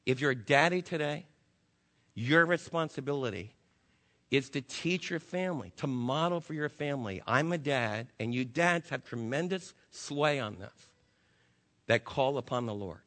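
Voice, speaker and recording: Impassioned preacher in a reverberant hall. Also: male voice, mid-range voice, expressive. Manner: impassioned, swings between loud urging and hushed, slow emphasis. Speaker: pastor. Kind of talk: sermon. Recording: long reverb of a large hall.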